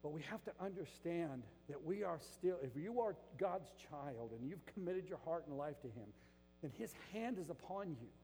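Older pastor, swings from loud and emphatic to hushed, fairly high voice for a man, echoey hall. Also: animated, normal speed, slight background noise. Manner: swings between loud emphatic bursts and quiet, hushed stretches. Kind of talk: sermon.

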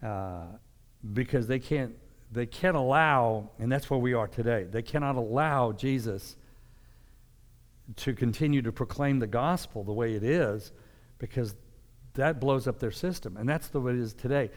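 A man's voice: medium pitch, normal speed. A man giving a sermon, reading scripture and explaining it in a conversational preaching manner. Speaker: pastor. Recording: long hall reverb.

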